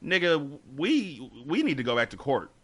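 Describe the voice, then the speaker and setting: A man's voice: a little high, big pitch swings, moderate pace, fairly bright tone. A man hosting a casual podcast chat, talking emphatically and repeating words as he gets heated. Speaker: podcast host.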